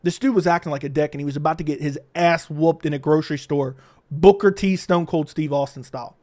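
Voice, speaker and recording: A man hosting a casual livestream, telling stories in a profane, animated way into a studio mic. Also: fairly high pitch, a little fast. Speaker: livestream host.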